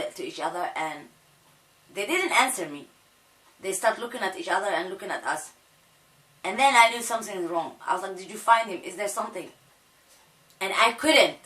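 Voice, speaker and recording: Young woman with a bright, echoey voice. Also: medium pitch, expressive. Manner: halting, repeats phrases, voice breaks with emotion. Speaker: vlogger. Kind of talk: emotional storytime monologue. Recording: echoey room, voice a bit far from mic.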